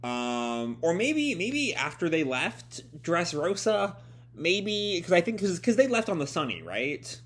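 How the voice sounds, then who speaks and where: A man reading a comic aloud and reacting, excitable, swearing and thinking aloud as he goes. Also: high-pitched, slow pace. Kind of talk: casual read-along commentary.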